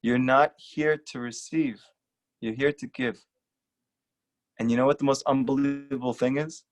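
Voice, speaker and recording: A rabbi giving an earnest, emphatic lecture and repeating short lines for stress. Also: male voice, medium pitch, fairly even intonation, normal speed. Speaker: rabbi teaching a class. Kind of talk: earnest sermon-style lecture.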